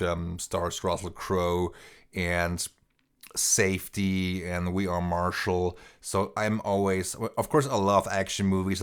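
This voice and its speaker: A male interview host with a low, deep voice. He speaks in a measured, appreciative way as he reacts to his guest's stories and moves the conversation on. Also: smooth.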